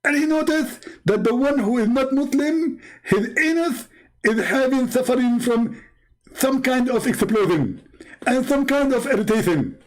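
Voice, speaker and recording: A man's voice: extremely high pitch, animated, unhurried, pitched above the performer's own voice, poor audio. A man putting on a pompous, condescending voice for a mocking impression of a preacher. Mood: smug. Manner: pompous, condescending, talks in a mock accent. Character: mock impression of a preacher, male, pompous, smug.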